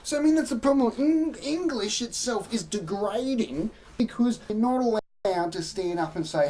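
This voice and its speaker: A woman's voice: fairly high pitch, expressive, normal speed, dark tone, slight background noise. An Australian woman hosting a live stream, rambling through opinions and answering her chat in casual commentary. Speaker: livestream host.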